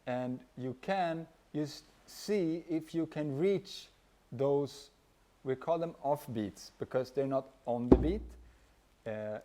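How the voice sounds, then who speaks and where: Slow-talking man teaching drum rhythms. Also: mid-range voice. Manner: counts beats aloud and vocalizes rhythms while playing. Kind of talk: relaxed music lesson. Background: hand drum playing.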